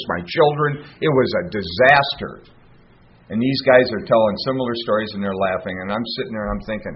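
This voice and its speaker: A man's voice: fairly low pitch, slightly rough. A middle-aged man leading a recovery workshop, telling his own story in an earnest, plainspoken way. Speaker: workshop leader. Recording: muffled recording with faint hiss.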